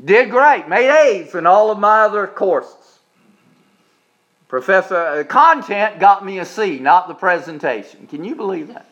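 A man, preaching a sermon in a folksy, joking way and slowing down to repeat his key points with emphasis. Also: high-pitched, lively intonation, fairly bright tone, highs cut off. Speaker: pastor.

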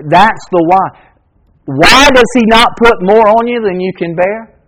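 A male pastor preaching a sermon to his congregation, repeating key phrases and dropping from ringing declarations to hushed, intimate passages. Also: a little slow, poor audio. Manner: preaching with big swings between loud declarations and hushed, low passages. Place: church in front of a congregation.

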